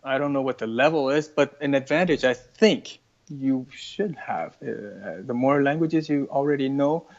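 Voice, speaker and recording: A man's voice: mid-range voice, darkish tone. Man with a North American accent, lo-fi. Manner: halting, thinking aloud with many restarts. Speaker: interview guest. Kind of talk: casual conversation.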